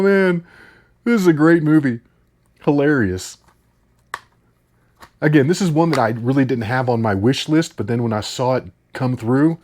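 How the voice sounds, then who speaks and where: A man's voice: lowish voice, darkish tone. A man hosting a casual unboxing video, talking enthusiastically and rambling with frequent laughs. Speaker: host.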